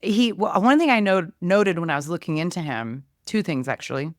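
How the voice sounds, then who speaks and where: Female podcast host, relaxed chatter, lower pitch, dry mic. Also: fairly quick, no room sound. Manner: chatty, easygoing, trails off and restarts. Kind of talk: casual podcast movie chat.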